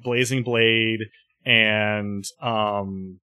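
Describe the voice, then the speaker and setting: A man's voice: on the low side, fairly even intonation, extremely slow, bright, forceful tone, clear, resonant tone, dry recording, clean studio sound. A man co-hosting a casual podcast chat, rambling with fillers and easy laughs. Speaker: podcast co-host.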